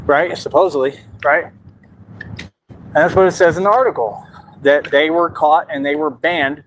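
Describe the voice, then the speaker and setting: A man's voice: a little high, a little hiss or hum, poor audio. A man streaming live, talking casually and with energy to a rival who is not there. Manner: animated, talks to an absent rival. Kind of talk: casual livestream rant. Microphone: streaming mic.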